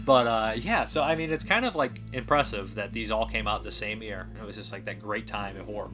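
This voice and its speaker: A man's voice: lowish voice, brisk, sharp tone, faint music behind. A man hosting a casual film review chat, enthusiastic and rambling with frequent restarts. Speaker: podcast host reviewing films.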